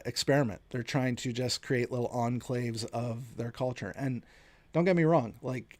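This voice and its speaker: A man's voice: medium pitch, darkish tone. A man in his late thirties from the United States hosting a solo podcast, giving his opinions in an earnest, conversational way. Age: late 30s. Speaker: podcast host.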